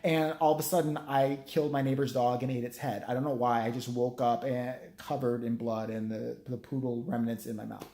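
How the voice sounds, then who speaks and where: A man's voice: mid-range voice, flat delivery, a little fast, few pauses, warm tone. A man telling a profane, sarcastic story in a rambling rant as a vlogger. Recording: roomy echo.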